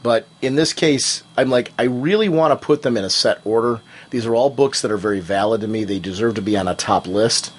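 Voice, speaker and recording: A man's voice: medium pitch, fairly quick, hardly any pauses, slightly rough. A man co-hosting a podcast in casual chat, speaking emphatically and with conviction. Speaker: podcast co-host.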